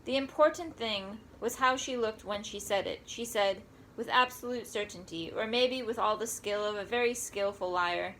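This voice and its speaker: A woman's voice: mid-range voice, normal speed, a bit bright, a little hiss or hum, poor audio. Woman reading a story, wry and conversational. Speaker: audiobook narrator. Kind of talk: first-person story reading.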